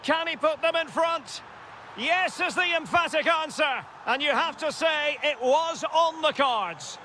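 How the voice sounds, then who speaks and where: An excitable, bright football caller. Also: male voice, high voice, unhurried, slight background noise. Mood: lively. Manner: short calls that rise sharply at chances and goals. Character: excitable male football play-by-play commentator. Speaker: play-by-play football commentator. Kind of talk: video game match commentary.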